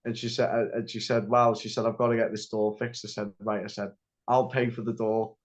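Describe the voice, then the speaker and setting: On a casual storytelling podcast, a young male guest with a low-leaning voice talks a little fast in a flat delivery. He rambles, keeps saying "like" and restarts often, all in slightly dull lo-fi audio.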